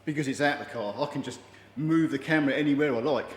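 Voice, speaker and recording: A man's voice: medium pitch, fast. A man talking casually and jokily as he works on a car engine in his garage. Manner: chatty, jokey, self-deprecating. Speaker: mechanic vlogger. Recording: echoey room with long reverb.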